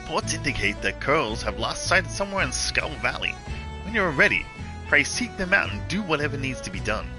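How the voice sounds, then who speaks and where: A man voicing a stern, dutiful guard officer in a formal, measured way. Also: a little high, big pitch swings, over music, low-quality recording. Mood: grave. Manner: formal, measured reading of quest dialogue.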